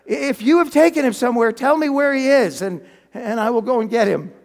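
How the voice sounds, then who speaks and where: A man's voice: sits high, moderate pace, gravelly, a little mellow. Brief: distraught young woman disciple read by a male preacher, urgent and pleading, raised voice, long hall reverb.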